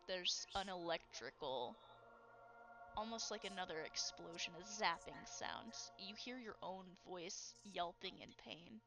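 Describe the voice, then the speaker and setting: Woman game master, slow gravelly narration over music. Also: lowish voice. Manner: dramatic, unhurried descriptive narration. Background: background music.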